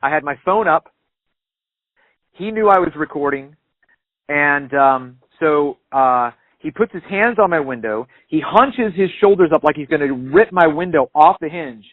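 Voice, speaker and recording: A man's voice: on the high side, unhurried, no room sound. A man calling in to a radio show, earnestly retelling a traffic stop in detail. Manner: animated, retells dialogue, earnest. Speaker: caller telling his story. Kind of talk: conversational storytelling. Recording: dry phone-line sound.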